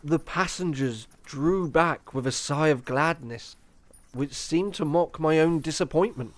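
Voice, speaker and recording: A man playing a young Victorian traveller, narrating an audio drama in an earnest, measured storytelling manner. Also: fairly high pitch, no room sound, lightly acted. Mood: tense.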